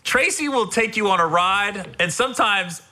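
Animated, very bright-voiced male host. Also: high-pitched, normal speed. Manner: animated storyteller, laughs often. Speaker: podcast host. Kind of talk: casual interview chat.

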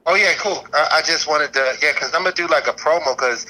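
A man calling in to a chat show, talking in a relaxed, halting way. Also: on the high side, low-quality recording. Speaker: caller. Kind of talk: casual call-in chat.

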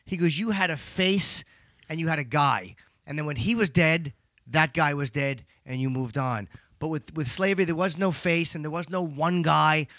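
Man, middle-aged, somewhat high voice, podcast chat, swears freely, acts out quotes. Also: moderate pace, dry recording, studio quality. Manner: loud, profane, storytelling with quoted voices. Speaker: comedian and podcast guest.

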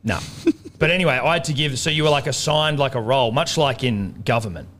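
A young man, co-hosting a podcast in casual chat and telling stories in an animated, self-mocking way. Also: medium pitch, fast talker, slight background noise. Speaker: podcast co-host.

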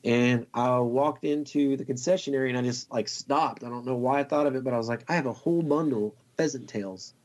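A man, a fly tier, telling a long story in a casual, excited, rambling way and laughing often. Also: medium pitch, fairly quick, hardly any pauses.

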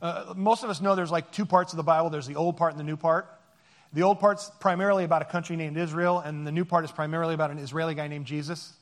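Chatty high-voiced man preaching. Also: fairly even intonation, fast talker. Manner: joking, rambling, chatty with many fillers. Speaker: pastor. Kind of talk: conversational sermon.

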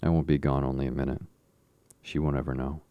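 A man's voice: extremely low pitch, little pitch movement, fast talker, dark tone, no room sound, highs cut off. A man reading the lines of a coaxing, scheming boy in an audiobook.

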